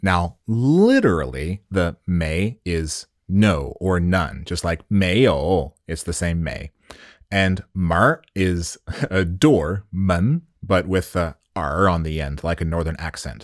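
A man's voice: low voice, big pitch swings, takes it slowly, dry recording, clean studio sound. A man whose first language is English, hosting a solo podcast lesson on Mandarin slang in a playful, chatty way with jokes and rhetorical questions.

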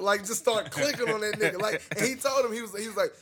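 A young man with a high, bright voice tells a story among friends in loose, profane talk. He is animated, laughs through his lines and acts out the people he quotes. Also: quick pace, hardly any pauses.

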